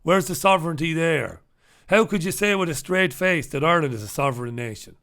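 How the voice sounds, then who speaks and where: A man's voice: a little high, lively intonation, brisk, a bit bright. A man hosting a newspaper review, ranting in a sarcastic, profane, opinionated way. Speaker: host.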